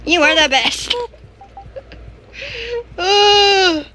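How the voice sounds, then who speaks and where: A young woman commenting as she plays a video game, excitable and panicky and full of nervous filler sounds. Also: very high voice, drawn-out words, noisy background. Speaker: gamer playing a video game. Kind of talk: gameplay commentary. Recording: game music playing clearly behind.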